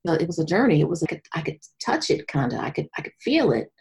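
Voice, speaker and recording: A woman in her forties, a guest on a podcast, telling her personal story in an animated way and dropping to a whisper at times. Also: low voice, fast, vocal fry, breathy edge. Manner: animated storyteller, drops to a whisper when voicing her inner thoughts.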